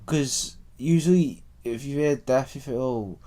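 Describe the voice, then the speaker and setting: A man's voice: mid-range voice, measured pace, warm tone. A man in his twenties from the UK, co-hosting a podcast with blunt, sweary teasing. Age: 20s. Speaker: podcast co-host. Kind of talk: casual chat.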